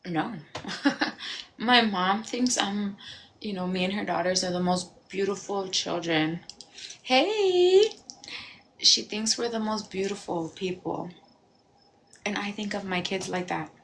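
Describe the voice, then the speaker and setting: A woman in her thirties talking candidly on a livestream, reflective and confessional, breaking into animated bursts and laughs. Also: mid-range voice, a little slow, slight background noise. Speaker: livestream host. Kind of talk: casual livestream talk. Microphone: phone.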